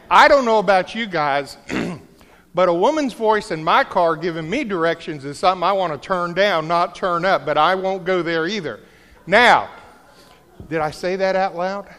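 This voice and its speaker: A man's voice: on the high side, fairly bright tone. A middle-aged man preaching a sermon, telling a story with jokey asides. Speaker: pastor. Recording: large hall with long reverb.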